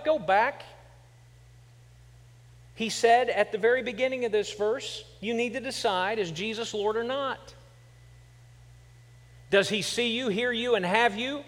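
With an extremely high pitch and a slightly bright tone, a middle-aged Kansas pastor preaches unhurriedly, pausing often. A long reverb tail fills the church sanctuary as his humorous storytelling builds to emphatic points.

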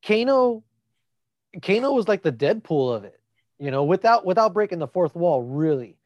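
A man chatting casually about a movie, expressive and profane, thinking aloud. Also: sits high, normal speed, dry recording, highs cut off.

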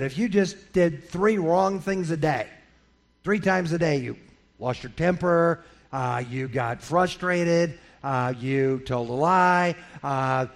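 A middle-aged male pastor preaching a sermon in an animated way, acting out the voices of the people in his stories. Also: a little high. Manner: animated, acts out quoted voices.

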